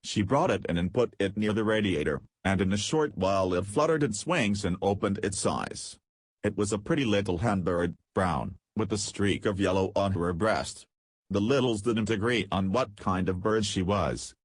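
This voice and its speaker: A man reads a children's story aloud in a steady, measured way. His voice sits low with a husky grain, and the recording is dry and close. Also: no echo. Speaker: audiobook narrator. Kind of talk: scripted narration.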